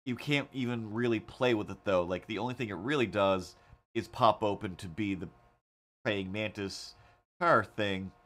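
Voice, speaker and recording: A man with a fairly low voice chats casually on his livestream as he draws. He tells rambling, animated stories full of fillers and restarts, talking into a desk mic at home. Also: normal speed. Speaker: livestream host. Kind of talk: casual livestream chat while drawing.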